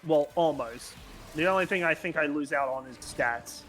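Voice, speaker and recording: Brief: a high-pitched man co-playing on a stream, dry and teasing. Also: normal speed, a bit bright, a little hiss or hum. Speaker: co-player and guest on a stream. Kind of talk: casual gaming chat.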